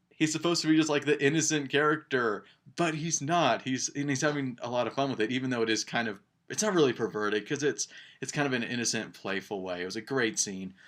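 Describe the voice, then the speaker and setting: A man's voice: mid-range voice, sharp tone. Young male vlogger, casual film review, chatty and rambling, eager. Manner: rambling, filler-heavy, enthusiastic. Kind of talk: casual vlog movie review.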